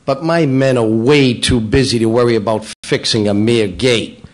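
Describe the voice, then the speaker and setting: A man's voice: medium pitch, normal speed, natural voice. Brief: man doing a smug devil brushing off a request, offhand, mock-polite. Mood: dismissive.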